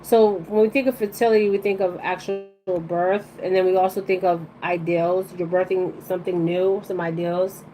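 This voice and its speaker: A woman's voice: lowish voice, little pitch movement, normal speed, few pauses, over music, low-quality recording. A woman giving a live-streamed oracle card reading to her viewers. She rambles bluntly in casual slang and keeps checking in with "okay?".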